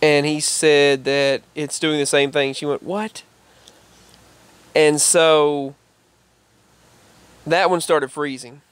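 A man's voice: a little high, little pitch movement, takes it slowly, clear, resonant tone, dry recording. A man telling a rambling personal story in casual vlog style. He repeats himself and raises his voice when he quotes other people. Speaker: vlogger.

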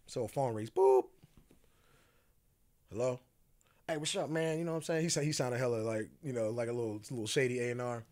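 A man's voice: medium pitch, steady tone, fairly quick, pauses often, darkish tone. A man who is a podcast guest, casually telling a story, acting out the quoted dialogue and laughing often.

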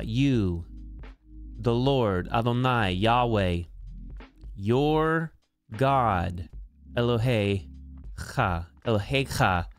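A man teaching Bible translation, walking through Hebrew grammar term by term in a deliberate, explanatory way. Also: mid-range voice. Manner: slow, deliberate, spells out each term.

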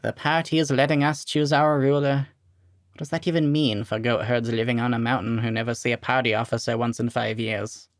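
A grim old war veteran speaks slowly and gravely, voiced by a man reading a story aloud. His voice is gravelly and the sound is dry and close. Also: medium pitch, fairly even intonation, dry recording, natural voice.

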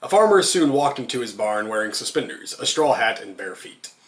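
A man's voice: medium pitch, sing-song, fairly quick, a bit bright. A man reading an absurd comic story aloud, amused and giggling through it. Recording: roomy echo.

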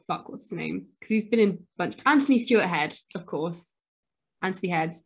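A woman's voice: lowish voice, brisk, breathy edge. Woman co-host in loose casual chat, rambling with lots of fillers. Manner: rambling, many fillers and self-corrections; excitable, gasps and exclaims. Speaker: podcast co-host.

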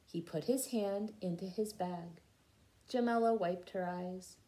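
In a low-leaning, warm, unhurried voice, a woman reads a picture book aloud to children. She's a patient storyteller who breaks off to explain words for her young audience.

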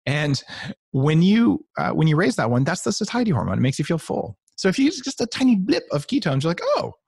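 A man's voice: on the high side, very animated, fairly quick, vocal fry, darkish tone, husky, no echo, studio quality. A middle-aged man, a guest author, talking playfully on a podcast and acting out little voices as he explains. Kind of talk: animated podcast talk.

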